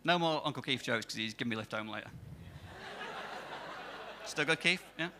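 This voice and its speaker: A man doing a stand-up set on a comedy club stage, delivering dry, deadpan one-liners into a handheld mic. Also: medium pitch, fairly quick, noisy background.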